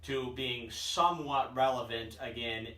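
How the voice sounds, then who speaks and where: A man's voice: medium pitch, a little slow, pushed and bright. A man ranking his friends' fantasy football teams in a casual comedic commentary, full of puns and forever calling his listeners "guys.". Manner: jokey, pun-loving, keeps addressing his friends as "guys". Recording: echoey room, voice from far off the mic.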